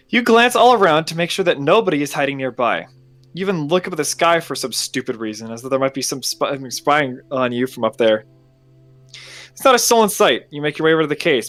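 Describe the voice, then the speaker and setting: A man reading a story game aloud as narrator, with expressive, dramatic delivery. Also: fairly high pitch.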